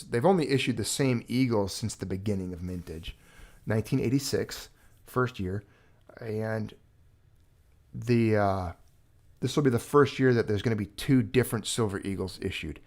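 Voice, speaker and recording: Gravelly voiced guy chatting on his stream, rambly, lots of uhs. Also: lowish voice, darkish tone. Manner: rambling, with fillers and restarts. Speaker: livestream host. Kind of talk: casual livestream chat.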